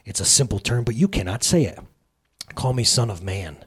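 A man's voice: lowish voice, expressive, normal speed, breathy edge. A man voicing a commanding, solemn holy man in a dramatic book reading.

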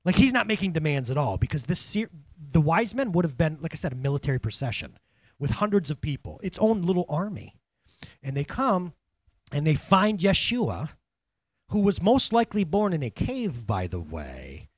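A pastor with a fairly high-pitched voice delivers his sermon at a moderate pace, speaking to the congregation directly in an animated, conversational way. He poses questions to them throughout. The recording is dry.

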